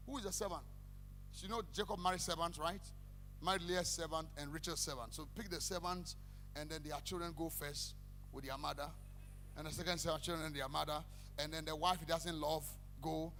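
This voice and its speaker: A man preaching a sermon, animated, breaking into shouted sing-song calls to the congregation. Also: high voice. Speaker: pastor. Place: church hall. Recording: echoey church hall with faint hum.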